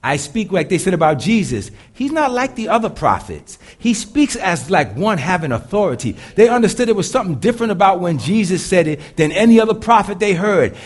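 A deep-voiced man preaches to a congregation, shifting between quiet, low stretches and loud, driving lines. His pitch moves freely and with a lot of animation. The delivery feels conversational and sure of itself. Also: very animated, fairly quick, hardly any pauses, slightly rough. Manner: dynamic preaching, swinging between loud and hushed. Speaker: pastor. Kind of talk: live sermon to a congregation.

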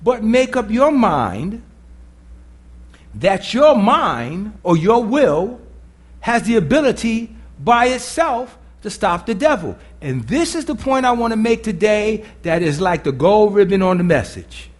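A man preaching a sermon as pastor, emphatic and preacherly, calling on the congregation to respond and sometimes dropping to a low, intense murmur. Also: very animated, a little slow. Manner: drops to a low intense murmur during prayer.

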